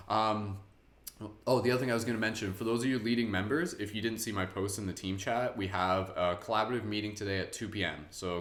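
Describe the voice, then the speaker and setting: A man's voice: on the low side, a bit bright. A man hosting a live-streamed guided meditation in a chatty, upbeat, loose way. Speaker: meditation host. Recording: roomy echo.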